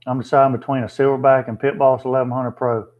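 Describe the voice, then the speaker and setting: A man's voice: mid-range voice, flat delivery, quick pace, narrow, tinny audio. A man hosting a casual livestream, chatting plainly with viewers and thinking aloud with fillers. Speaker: livestream host. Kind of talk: casual live chat reading viewer comments.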